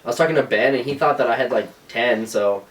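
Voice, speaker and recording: A podcast co-host tells stories in casual chat, swearing a lot and animating them with put-on voices. His medium-pitched voice moves fast and sounds recorded from a distance.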